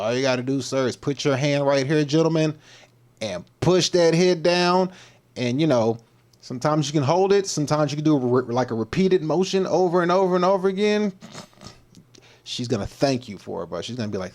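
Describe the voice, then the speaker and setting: A man's voice: medium pitch, darkish tone. A man from Texas, hosting a fitness livestream in a playful, joking manner with loose, repetitive slang. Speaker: fitness coach, livestream host.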